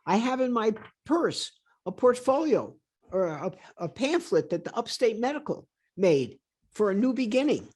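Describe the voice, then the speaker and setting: A woman's voice: fairly high pitch, big pitch swings, moderate pace, darkish tone, husky. A woman in her eighties, a retired stockbroker, telling stories bluntly and emphatically as a guest on a video call. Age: 80s. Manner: blunt, emphatic, plain-spoken. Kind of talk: storytelling interview.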